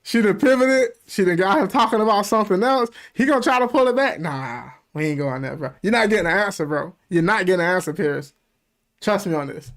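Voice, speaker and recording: Animated man reacting, swearing freely. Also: high-pitched, a little fast. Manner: animated, profane, laughing asides. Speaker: reaction video host. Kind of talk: casual reaction commentary.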